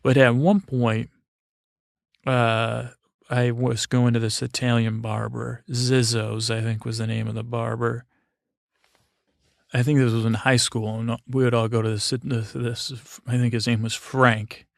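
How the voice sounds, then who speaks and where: A man with a gravelly, mid-pitched voice tells a wandering bedtime story in a dry, close recording. He stops and restarts often, fills gaps with ums and likes, and pokes wry fun at himself. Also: little pitch movement, dry recording. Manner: halting and meandering, with many fillers and restarts; wry and self-deprecating.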